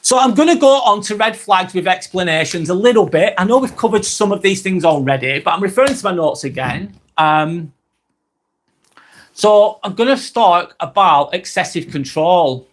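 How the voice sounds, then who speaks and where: A man's voice: high-pitched, lively intonation, normal speed, a little hiss or hum. A man with a Northern English accent hosting a casual live vlog from home, blunt and chatty, swearing freely and repeating his points. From England. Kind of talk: casual live-stream talk.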